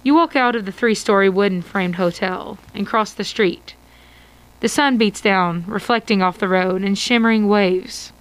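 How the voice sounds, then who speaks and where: A woman's voice: medium pitch, moderate pace, low-quality recording. A woman narrating an interactive adventure story for radio, reading steadily. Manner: steady read-aloud storytelling.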